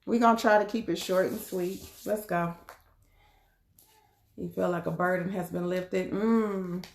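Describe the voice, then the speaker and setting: A woman's voice: fairly low pitch, fairly even intonation, unhurried, gravelly, roomy sound. A woman doing a casual live tarot reading, chatty and laughing often, calling her viewers y'all and beloved. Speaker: tarot card reader.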